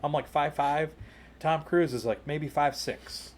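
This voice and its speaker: A man co-hosting a podcast, telling a long personal story in casual chat, full of "you know" and "like", rising higher and louder at the exciting parts. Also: measured pace, slight background noise. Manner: jumps higher and louder when retelling excited moments. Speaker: podcast co-host.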